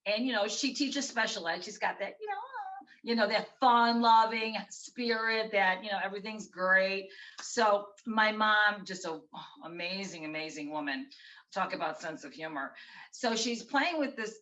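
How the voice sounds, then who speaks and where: A middle-aged woman, an author being interviewed, telling a personal story in an animated way and acting out what people said. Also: on the low side, distant mic, poor audio. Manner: animated, acts out quotes, laughs at herself.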